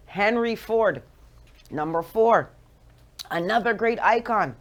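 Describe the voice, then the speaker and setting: A woman in her forties with a Jamaican accent, hosting a radio show with playful, animated motivational talk. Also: a little high, slow, pauses often. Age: 40s.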